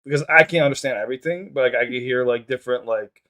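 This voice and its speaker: Fast-talking man hosting a reaction video. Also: mid-range voice, bright, forceful tone. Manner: laid-back, chatty, lots of fillers. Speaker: reaction channel host. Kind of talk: casual reaction chat.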